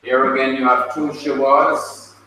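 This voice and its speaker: With a mid-range voice that barely moves in pitch, a male Hebrew teacher speaks in an unhurried, pushed and bright manner. He calls on students by name and patiently drills their pronunciation, captured far off in an echoey classroom with faint noise.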